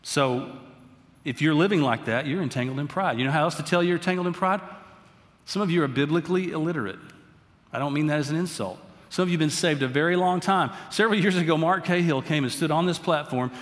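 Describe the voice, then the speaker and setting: A man preaching from the pulpit with a somewhat high voice, chatty yet emphatic, tossing asides and questions to his congregation. His words ring out with a long reverb through a large church hall. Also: fast talker. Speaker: pastor. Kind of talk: sermon. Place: church sanctuary.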